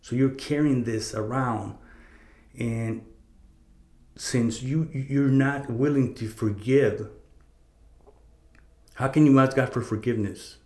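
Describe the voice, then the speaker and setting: A man's voice: medium pitch, takes it slowly, pauses often, a little mellow. Middle-aged male host, mid-range voice, rambling fervent storyteller who swears, recorded in a roomy, echoey space. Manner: rambling, with many restarts and swearing. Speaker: podcast host. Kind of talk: casual storytelling monologue. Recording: echoey room.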